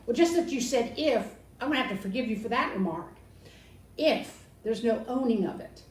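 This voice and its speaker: Older woman, Christian speaker, lively conversational teaching with mimicked voices; recorded from a distance with some roominess. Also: on the high side, moderate pace. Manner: animated, mimics others with sarcastic quotes. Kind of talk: casual teaching talk. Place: balcony outdoors. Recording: roomy, distant, faint background noise.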